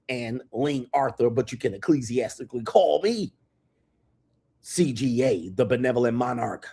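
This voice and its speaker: An American man with a husky, expressive mid-range voice hosts a live stream from a hotel room near an airport. He brags brashly, swaggering as he hypes himself up with a long, drawn-out string of titles in boastful, casual stream talk.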